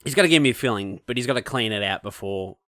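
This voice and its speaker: A man co-hosting a podcast, telling stories in a casual, swearing way. His voice is bright and forward. He is close to a dry mic. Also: fairly low pitch, lively intonation, fast talker, no echo. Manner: swearing storyteller; acts out quoted voices. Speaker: podcast co-host. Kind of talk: casual chat.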